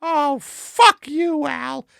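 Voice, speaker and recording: A man voicing Margaret, a fussy, scolding middle-aged wife, in a high falsetto in an improvised comedy sketch. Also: very slow, creaky, no room sound, exaggerated voice. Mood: bickering. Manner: shrill, scolding falsetto, bursts into shouting. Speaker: comedy podcast co-host.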